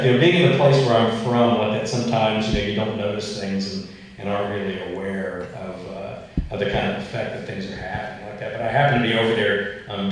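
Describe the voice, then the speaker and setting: A man telling rambling, folksy anecdotes to an audience as a guest author, full of fillers and asides. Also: lowish voice. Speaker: author speaking at an event. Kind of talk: storytelling talk and Q and A. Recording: roomy echo, voice far from mic.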